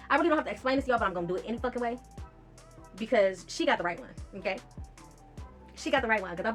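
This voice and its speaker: A young woman talks straight to her viewers in a casual storytime vlog, blunt and profane, quoting her own text messages. Her voice sits a little high, and faint music plays underneath. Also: fairly bright tone. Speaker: vlogger telling a personal story.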